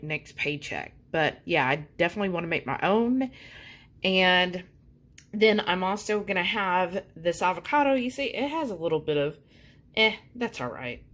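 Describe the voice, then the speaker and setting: A woman's voice: medium pitch, fairly bright tone. Lady chatting away on her vlog, lots of um and like. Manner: chatty, lots of fillers, says y'all. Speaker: vlogger. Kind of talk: casual vlog chat.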